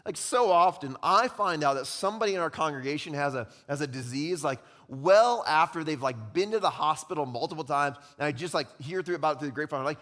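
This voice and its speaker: A young adult male pastor preaching a sermon, animated, acting out quoted voices and dropping to quiet emphasis. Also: fairly high pitch, fast talker, hardly any pauses. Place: church sanctuary. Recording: long hall reverb.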